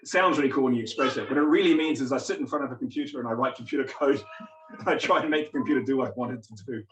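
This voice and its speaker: A man's voice: mid-range voice, rapid-fire, a bit bright. A man in his forties with an English-tinged accent, giving a chatty, self-deprecating public talk as a visiting physics lecturer. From New Zealand. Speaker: guest speaker, physics lecturer. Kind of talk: public talk to a community gathering. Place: meeting house. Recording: roomy hall, distant mic.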